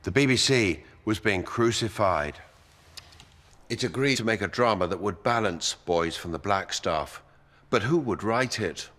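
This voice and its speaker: A man's voice: on the low side, expressive, measured pace, a bit bright. A man giving grave, portentous mock documentary narration.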